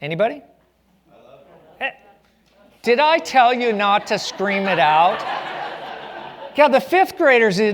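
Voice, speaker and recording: A man's voice: high-pitched, a bit bright, a little hiss or hum. A man giving a public lecture on stage, telling stories with a playful, joking manner. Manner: playful storytelling with jokes. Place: stage at a community arts center.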